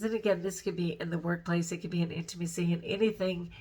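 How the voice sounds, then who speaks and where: A woman's voice: on the low side, fairly even intonation, a little fast. A woman vlogger talking casually to her viewers, rambling and giggly, overtired and close to tears. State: overtired and upset. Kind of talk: casual personal vlog.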